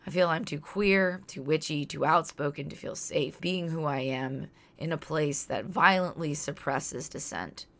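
A woman's voice: sits low, measured pace, few pauses, fairly bright tone. A woman in her thirties from Louisiana, reading a scripted podcast segment in an earnest, outspoken and reflective way. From Louisiana, near New Orleans. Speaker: podcast host.

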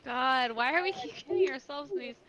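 A woman plays a tabletop game, speaking hesitantly as she thinks aloud. Her voice is bright and a touch high. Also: lively intonation, brisk, highs cut off, a little hiss or hum. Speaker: player. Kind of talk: casual tabletop game chat.

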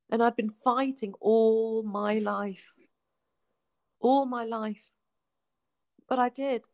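A woman, a guest telling her life story in a heartfelt way, often falling to a soft hush. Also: fairly high pitch, fairly even intonation, takes it slowly, pauses often, dry recording. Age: 40s. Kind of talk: emotional personal storytelling.

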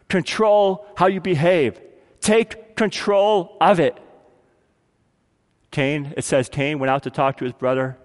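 A man preaching a sermon as pastor, acting out quotes and swinging between loud appeals and hushed lines. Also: high-pitched, long reverb tail.

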